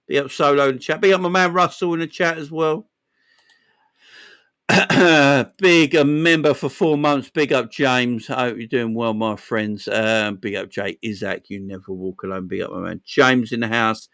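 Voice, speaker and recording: A young man with a London East End accent hosts a football live stream and chats casually back to viewers, repeating phrases and tagging lines with "man" and "yeah." His medium-pitched voice is a bit bright, with fairly even intonation and a moderate pace.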